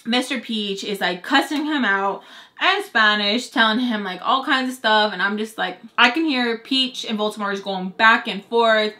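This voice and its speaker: Young woman vlogger, bright tone, casual rambling storyteller. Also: on the high side, normal speed. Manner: chatty, lots of filler "like", joking asides.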